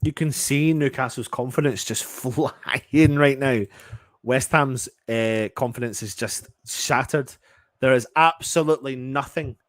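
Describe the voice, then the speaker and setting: A man's voice: mid-range voice, measured pace, dry recording. A man from England calls a match live as a frustrated fan, swearing freely and veering from deflated mutters to raised, urgent outbursts. His voice sits in a middle register. The sound is dry and close, with no room around it. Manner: exasperated, swearing, shifts from muttering to shouting. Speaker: fan channel match commentator. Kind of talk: live fan reaction commentary.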